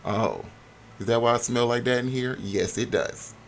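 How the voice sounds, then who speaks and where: A man's voice: mid-range voice, moderate pace, a little hiss or hum. A man streaming a life-sim game, chatting playfully to his viewers as he narrates. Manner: chatty, playful, talks to chat. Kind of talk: casual game commentary.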